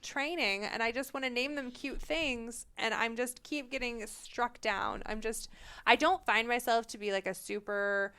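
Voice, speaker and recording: Animated, bright-voiced woman telling stories. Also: on the high side, unhurried, clean tone. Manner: animated storyteller, acts out quoted lines, laughs often. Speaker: podcast co-host. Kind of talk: casual chat.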